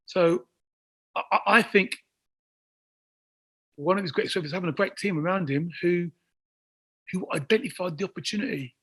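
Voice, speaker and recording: A man, talking as an interview guest in excitable bursts, repeating words as he builds to near shouts. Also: high voice, moderate pace, long pauses, husky. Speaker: guest athlete. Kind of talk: casual interview chat.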